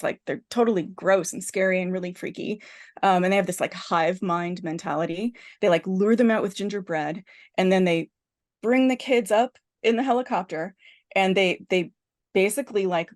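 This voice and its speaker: Woman excitedly retelling a film plot. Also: mid-range voice. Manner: animated storyteller, lots of "like" and restarts. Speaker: podcast host.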